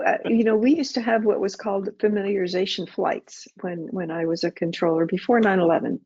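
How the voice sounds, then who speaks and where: A woman's voice: medium pitch, darkish tone, breathy edge, dry recording. A middle-aged woman and former air traffic controller answering pilots' questions in a practical, conversational way, acting out radio calls. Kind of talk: webinar Q&A answers. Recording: dull muffled webinar audio.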